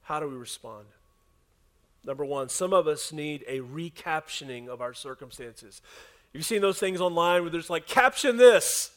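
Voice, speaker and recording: A man preaching a sermon to his congregation in a conversational way, often dropping to a soft hush for emphasis. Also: a little high, moderate pace. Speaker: pastor. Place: church service with a congregation.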